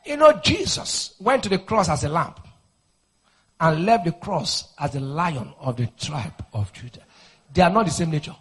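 A male preacher delivering a fiery deliverance sermon, his voice husky and pitched high. He swoops widely in pitch, bursting into shouted declarations and then dropping low to explain. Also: expressive, normal speed. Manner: shouting, forceful declarations, swings to low intensity.

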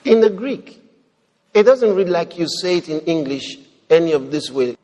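A high-pitched male preacher delivering an animated sermon. He shifts from loud cries to hushed murmurs and mimics people's prayers. His voice rings out with a long reverb tail. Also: normal speed. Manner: animated, swings from shouting to low murmurs, acts out prayers.

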